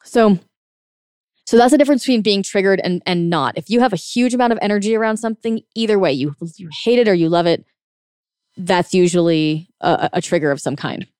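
A woman's voice: medium pitch, brisk, darkish tone, clear, resonant tone, no echo, studio quality. A woman working as a relationship coach, giving casual, frank advice in a monologue, sometimes swearing, often laughing and acting out quoted reactions. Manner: frank and blunt, with occasional swearing.

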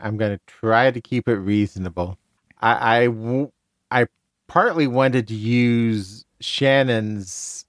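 A man's voice: on the low side, dry recording, clean studio sound. A man co-hosting a book discussion podcast, talking hesitantly with many stammered restarts. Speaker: podcast co-host.

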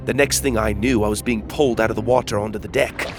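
A man narrating a children's fantasy adventure in the first person, reading at a measured, steady pace. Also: on the low side. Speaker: storyteller.

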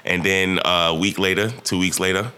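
A man's voice: low voice, normal speed, clean tone. A young man in his twenties, a podcast guest, telling a story casually and with energy, acting out what people said. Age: 20s. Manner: animated, rhythmic storyteller, acts out quotes.

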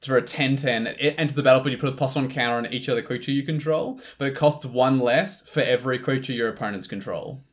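A man co-hosting a casual podcast in relaxed, enthusiastic chat. His voice sits at a mid pitch, easygoing and upbeat. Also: quick pace, few pauses. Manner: relaxed, enthusiastic, laughs easily. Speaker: podcast co-host. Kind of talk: casual chat about card games.

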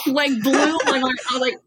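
A woman's voice: sits high, flat delivery, a little slow, a bit bright, dry recording, low-quality recording. A woman guest, a life and love coach, chatting casually and acting out both sides of past conversations. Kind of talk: casual storytelling chat.

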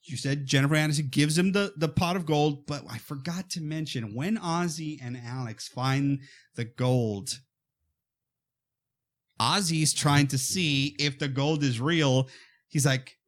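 Brief: man, podcast co-host, excitable storyteller with a slightly high voice, casual delivery. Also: unhurried. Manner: animated storytelling, acts out quotes. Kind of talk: casual movie chat.

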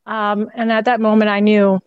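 A woman's voice: medium pitch, completely flat delivery, normal speed, clear, resonant tone, dry recording, narrow, tinny audio. A middle-aged woman, a guest in an interview, candidly and reflectively telling a personal story with a laugh now and then.

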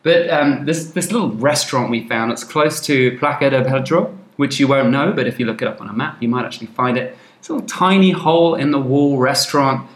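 A man's voice: medium pitch, brisk, few pauses. A man from England co-hosting a podcast in casual, jokey chat. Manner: chatty, jokey, laughs often. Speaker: podcast co-host. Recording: roomy echo.

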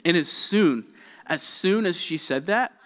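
In an expressive, unhurried way, a young youth pastor tells junior high students a story from his childhood. His delivery is casual and chatty with frequent check-ins, and his tone is fairly bright.

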